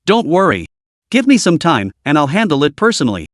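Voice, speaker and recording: A man's voice: a little high, huge pitch swings, a little fast, no room sound, clean studio sound. A man voicing a sinister, suave male hacker mastermind in a storybook reading, smug and faintly mocking.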